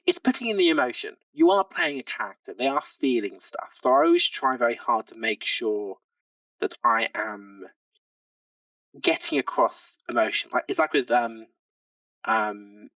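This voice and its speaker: A man's voice: mid-range voice, very animated, moderate pace, bright, forceful tone, dry recording, distant mic, poor audio. A man who plays tabletop games, chatting on a podcast in a self-deprecating way, with lots of likes and ums. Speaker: tabletop game player and podcast guest. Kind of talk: casual podcast chat.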